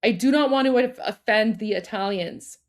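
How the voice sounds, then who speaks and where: A woman's voice: on the high side, normal speed. A woman co-hosting a livestream, chatting casually with lots of fillers and restarts and frequent laughter. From Iran. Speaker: livestream co-host.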